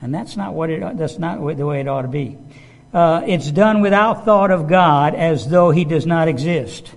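A man's voice: on the high side, moderate pace, in a large hall. A man preaching a sermon in a conversational way, with frequent restarts and rising emphasis.

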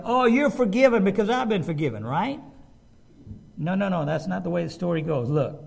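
A pastor gives a sermon in a high voice with a gravelly edge. He reads scripture, then presses his listeners with emphatic rhetorical questions. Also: a little mellow.

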